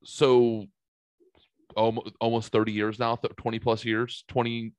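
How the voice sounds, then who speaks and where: A man's voice: mid-range voice, measured pace, clean tone, dry recording. A man hosting a show, telling rambling stories in casual chat with plenty of swearing. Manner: profane, rambling, animated storyteller.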